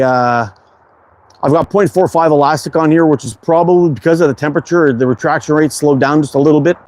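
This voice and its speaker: A slightly high, somewhat mellow male voice belongs to a Quebec-accented Canadian casually hosting a slingshot livestream outdoors. He reads out chat names and greets viewers, relaxed and friendly, swearing casually. Cold wind and outdoor ambience sit in the background.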